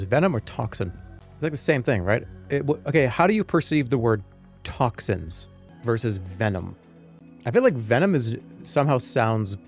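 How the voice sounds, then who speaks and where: A man, chatting casually on a live stream, rambling and joking, now and then breaking into loud animated rants. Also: mid-range voice.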